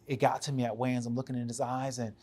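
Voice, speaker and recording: A man's voice: mid-range voice, little pitch movement, fast talker, dark tone. A man, a fighter guest, telling a story in an interview, acting out quotes and laughing often.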